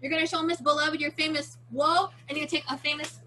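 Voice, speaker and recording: A woman's voice: sits high, flat delivery, quick pace, pushed and bright. A teenage girl leading a daily challenge for a virtual kids' martial arts class, playful and chatty, explaining each step over a video call. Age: teen.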